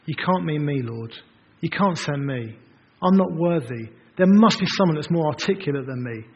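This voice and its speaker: A man's voice: on the high side, lively intonation, normal speed, slightly rough. A preacher voicing a reluctant, self-doubting man. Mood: pleading. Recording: dull, reverberant hall recording.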